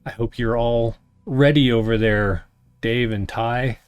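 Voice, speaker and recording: A man hosting and narrating a solo tabletop game on a stream in a slow, deliberate storytelling voice. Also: medium pitch, steady tone, smooth, dry recording. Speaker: game master and host.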